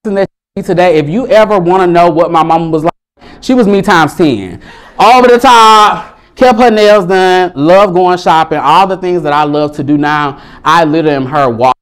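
A young Southern man speaks in a fairly high voice while giving a personal storytelling speech. His delivery is animated and playful, with sudden high excited bursts between calmer stretches. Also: moderate pace, clear, resonant tone. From Alabama, US. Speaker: motivational speaker.

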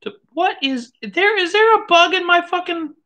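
Brief: lively tasting-show host, bright tone, offhand swearing, thinks out loud. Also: extremely high pitch, moderate pace. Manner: animated, swears casually, thinks aloud. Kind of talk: casual live tasting chat.

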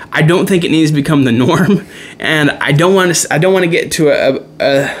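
A man hosting a casual racing chat show, telling stories excitedly and laughing often. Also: a little high, a little hiss or hum. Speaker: podcast host.

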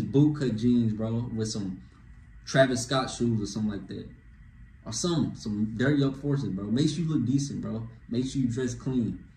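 A young man ranting to camera with dating advice, animated and slangy, tossing in "bro" after nearly every phrase. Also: mid-range voice, a little hiss or hum. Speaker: vlogger giving dating advice. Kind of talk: casual rant to camera. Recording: echoey room with faint ambience.

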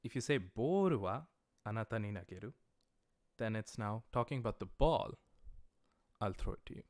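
A man teaching a livestreamed language class, explaining grammar patiently and repeating example sentences slowly. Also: on the low side, expressive, no room sound, clean studio sound. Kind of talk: livestreamed lecture.

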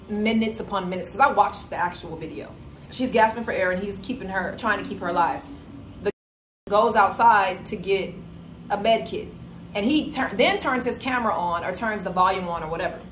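A woman vlogger talks in a casual, emphatic way, pressing her points with indignation. Her voice sits at an ordinary middle pitch. It is recorded in an echoey room with a faint hum of ambience behind her. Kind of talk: casual commentary.

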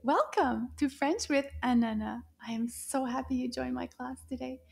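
A woman teaching a children's French lesson. She asks the listener to repeat words after her, and she gasps and says wow in an animated way for young learners. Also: high-pitched, moderate pace, vocal fry. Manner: animated, exaggerated gasps and wows for kids.

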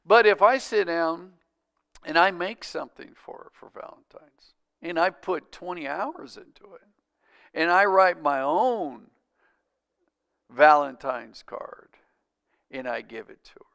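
A male pastor preaching a sermon, calling out for amens and swinging from loud, urgent bursts to hushed, quiet lines. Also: a little high, expressive, slow pace, vocal fry, smooth. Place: church sanctuary.

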